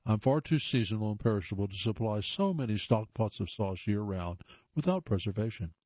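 A man reading aloud as a talking tomato that tells its own history, in a steady voice with small stumbles. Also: lowish voice, a little fast, dry recording, dull audio. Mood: chatty. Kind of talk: read-aloud first-person piece.

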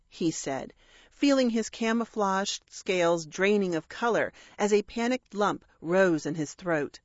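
A woman's voice: medium pitch, expressive, a little slow, no room sound, lo-fi sound. A woman narrating an audiobook story with a dry, wry storytelling manner.

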